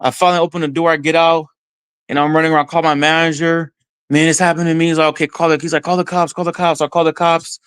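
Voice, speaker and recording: A man from Texas tells a story as a podcast guest in an excited first-person way, voicing his own reactions as he goes. His voice sits a little high, and the sound is close and dry with no room echo. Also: fast talker, smooth. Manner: excited, retells events with quoted self-talk.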